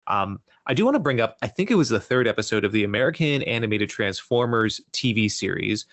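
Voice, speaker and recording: A man in a casual comics discussion, speaking in a measured way and pausing to search for the right words. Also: lowish voice, expressive, a bit bright, no echo.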